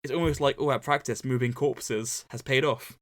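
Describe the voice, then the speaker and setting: A man co-hosting a relaxed book-club podcast, walking through a story's events in a steady, mid-pitched voice. He drops in deadpan jokes between recap points. The sound is dry and close, with no room echo. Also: moderate pace. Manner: dry joking asides between plot recaps. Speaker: podcast co-host. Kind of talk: casual book-club podcast, summarizing a novel.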